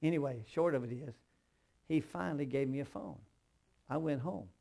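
An older man, preaching a sermon as pastor, swinging from hushed storytelling to loud emphatic bursts with humorous asides. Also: mid-range voice, moderate pace, creaky.

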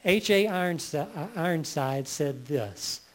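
A male pastor preaching a sermon, reading scripture slowly and building to emphatic peaks. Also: a little high, expressive.

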